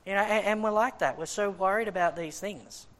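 A man preaching a sermon and reading scripture, telling personal stories with lots of restarts. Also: high voice. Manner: animated storytelling with many restarts; reads scripture in a raised, deliberate voice. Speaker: preacher and schoolteacher.

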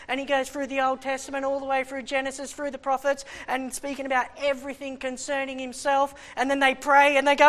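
A male preacher delivering a sermon in an animated way. He swings from shouted exclamations down to hushed, low asides and then back up again. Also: fast talker.

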